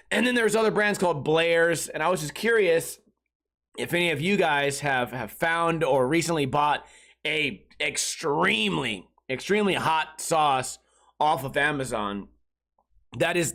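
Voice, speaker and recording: A man's voice: on the high side, a bit bright. A man in his thirties hosting a casual comedic podcast, rambling crudely and filling his talk with filler words. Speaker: podcast host.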